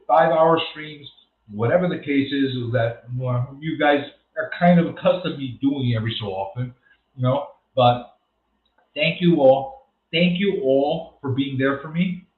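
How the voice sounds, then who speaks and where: A man hosting an unscripted livestream, rambling and ranting and repeating himself as he goes. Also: mid-range voice. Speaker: livestream host. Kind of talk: unscripted live-stream monologue. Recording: tinny echoey phone-like sound.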